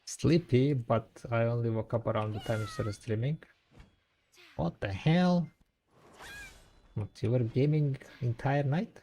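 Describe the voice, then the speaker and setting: A man's voice: mid-range voice, moderate pace, few pauses, mellow, a little hiss or hum. A man streaming a game live, chatting casually and answering his viewers. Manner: chatty, answers viewers' chat between play. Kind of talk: casual live-stream chat while gaming.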